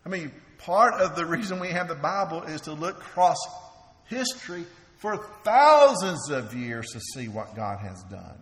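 A man's voice: a little high, big pitch swings, unhurried, a bit bright. A man preaching a sermon in an earnest way, often repeating words as he restarts. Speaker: preacher and teacher. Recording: echoey hall with faint ambience.

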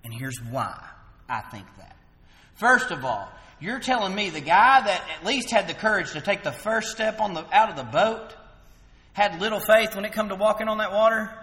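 A man preaching an evening sermon, rising loud for emphasis and dropping soft to voice quoted words. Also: sits high, animated, moderate pace, long reverb tail.

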